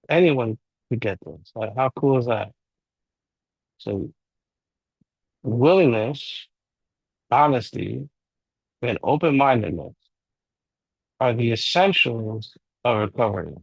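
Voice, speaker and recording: A man of middle pitch takes his turn reading at a recovery study meeting, casual and a little halting. The sound is dry and muffled, like an online call. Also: expressive, gravelly, husky, no echo. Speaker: meeting member reading aloud.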